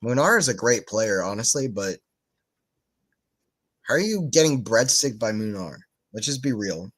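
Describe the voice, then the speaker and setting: A man's voice: lowish voice, expressive, a little slow, slightly rough. A man giving casual live tennis commentary for a watchalong stream, just woken up, rambling into chatty asides between calls of the points. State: just woke up.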